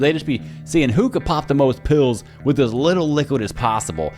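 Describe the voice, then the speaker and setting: A young man casually telling stories from his childhood, talking loosely with lots of slang and acting out quoted people in higher voices. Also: expressive, fairly quick, hardly any pauses, darkish tone, faint music behind. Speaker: podcast storyteller. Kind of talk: casual personal storytelling.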